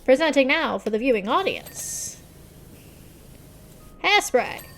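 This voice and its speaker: A woman's voice: high voice, very animated, slow pace, vocal fry, heavily acted. A woman voicing a jaunty young man from the 1920s with old-fashioned slang.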